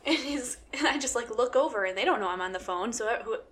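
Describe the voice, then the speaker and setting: A woman's voice: on the high side, lively intonation, fast talker, a bit bright. A woman co-hosting a casual podcast, telling a family anecdote while laughing along. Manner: laughing storyteller, amused. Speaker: podcast co-host. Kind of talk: casual chat.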